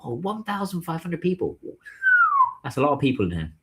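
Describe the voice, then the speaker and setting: A man's voice: on the high side, huge pitch swings, fairly quick, very noisy. A man chatting casually on a livestream while he waits in a taxi queue, musing aloud and answering viewers' comments. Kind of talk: casual live-stream chat.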